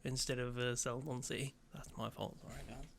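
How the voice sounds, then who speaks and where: A man's voice: medium pitch, level tone, brisk, vocal fry, fairly bright tone. A man co-hosting a podcast, chatty and laughing often in casual chat. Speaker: podcast co-host.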